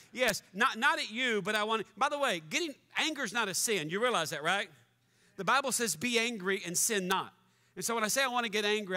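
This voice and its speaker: A man's voice: high voice, pushed and bright, long reverb tail. A man preaching a sermon as pastor, joking and conversational, in a church sanctuary.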